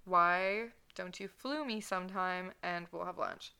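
A woman's voice: fairly low pitch, steady tone, unhurried, gravelly, bright, forceful tone, clean tone, exaggerated voice. A woman reading aloud the lines of a sarcastic, snobbish young male wizard from a fanfiction story. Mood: sneering. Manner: sarcastic, dismissive.

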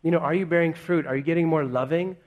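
A man's voice: a little high, fast talker, narrow, tinny audio. A male pastor preaching a sermon to his congregation in a conversational way, peppering it with rhetorical questions. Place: church in front of a congregation.

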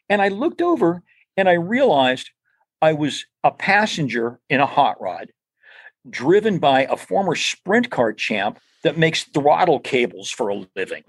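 A man's voice: on the high side, creaky, breathy edge, no room sound. An older man, an interview guest, telling stories casually and rambling, with many restarts and repeated words. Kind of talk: casual storytelling.

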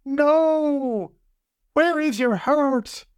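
A man voicing a tiny magic advertising spell that cries out in high, desperate pleas. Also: very slow, no room sound, clean studio sound, exaggerated voice. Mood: pleading, wailing.

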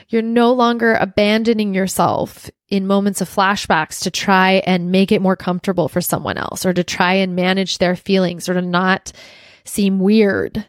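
A woman's voice: medium pitch, steady tone, normal speed, no echo, clean studio sound. A young adult woman hosting a podcast, telling a personal story in a candid, heartfelt way with lots of "like" fillers. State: emotional. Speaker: podcast host.

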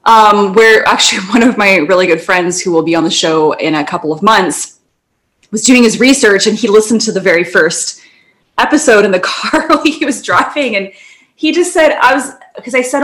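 Woman co-host, casual chat, rambling and giggly, middle-pitched voice. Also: normal speed, a bit bright. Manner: rambling, tangents, frequent laughter. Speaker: podcast co-host.

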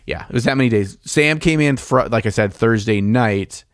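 Man, casual chat, rambling, profane, relaxed, dry recording. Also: medium pitch, moderate pace, dry recording. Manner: rambling, profane, laid-back storyteller.

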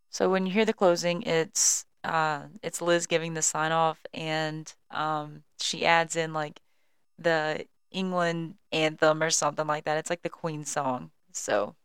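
Recorded at home on a couch with no echo, a young podcast host who's an EMS worker chats casually through a work story and apologizes. Her voice is deep and smooth.

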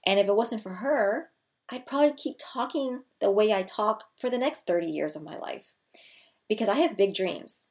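A woman in her thirties, a people skills coach, talking straight to her viewers in an energetic way and repeating key phrases for emphasis. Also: mid-range voice, moderate pace. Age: 30s. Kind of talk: scripted-feeling casual vlog talk to camera.

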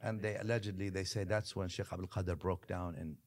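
A man, a religious scholar, telling a story as a podcast guest, lively one moment and dropping to a hushed near-whisper the next, with Arabic phrases woven in. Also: deep voice, fairly quick. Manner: mixes Arabic phrases into his talk.

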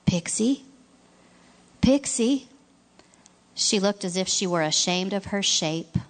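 A woman narrating a storybook in a gentle, expressive reading voice, now and then asking the listener questions. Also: fairly low pitch, normal speed.

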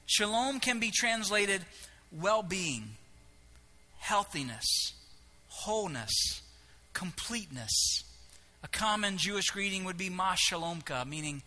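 A man preaching a sermon, animated and humorous, acting out biblical characters in quick asides. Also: sits high. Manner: animated, acts out voices of biblical figures with humor. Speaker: pastor.

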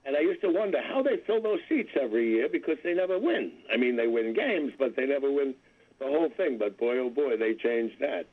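This is a comedian in his seventies on a tinny phone line, a guest calling in for an interview chat. His mid-range voice is very animated and a little fast as he rambles wryly and pokes fun at himself.

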